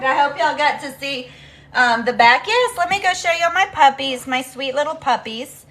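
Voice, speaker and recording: A woman's voice: high-pitched, lively intonation, moderate pace, a bit bright, slight background noise. A woman chatting casually and rambling with her viewers on a live stream from home, with plenty of ums. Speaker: livestreamer talking to her viewers. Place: at home, walking between rooms.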